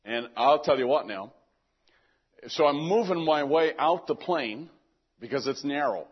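A man's voice: on the high side, lively intonation, a little slow, husky, highs cut off. An older man telling a personal story in a casual, rambling way, often repeating words as he goes.

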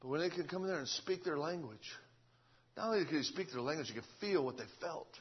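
A fervent male preacher delivers a revival sermon, with lots of repetition. His voice is high and husky. The recording sounds dull and lo-fi. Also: lively intonation, fast talker. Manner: fervent, repetitive, swings from shouting to hushed.

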